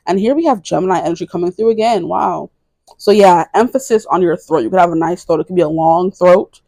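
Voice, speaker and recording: A woman's voice: on the low side, fast, warm tone, no room sound. Twenty-something woman doing a chatty tarot reading, keeps tripping over herself and laughing, dry close sound. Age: 20s. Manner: rambling, self-correcting, giggly. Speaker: tarot reader. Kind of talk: casual tarot reading to camera.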